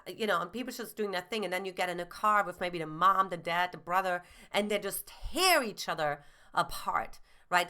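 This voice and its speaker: A woman's voice: medium pitch, bright, forceful tone. A woman giving relationship advice as a dating coach, earnest and explanatory, with frequent "you know" fillers.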